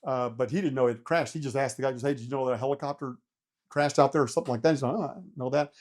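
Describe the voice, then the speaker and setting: Racing along in a medium-pitched, darkish voice, a middle-aged man who once piloted helicopters tells a story in an easygoing interview. He plays out his own panic and swears freely.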